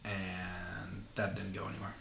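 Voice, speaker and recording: A man's voice: low-pitched, completely flat delivery, unhurried, creaky, fairly bright tone, reverberant, slight background noise. A man co-hosting a podcast, telling rambling joking stories in casual chat. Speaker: podcast co-host.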